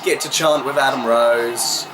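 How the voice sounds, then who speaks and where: A man's voice: medium pitch, steady tone, unhurried. A man casually recapping a live wrestling show he attended, in a chatty play-by-play vlog review. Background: background music.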